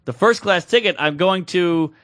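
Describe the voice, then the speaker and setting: A man's voice: high voice, normal speed. A man co-hosting a podcast, telling a crude comic story in casual chat and acting out the people in it. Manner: animated, crude, acts out voices in anecdotes. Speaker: podcast co-host.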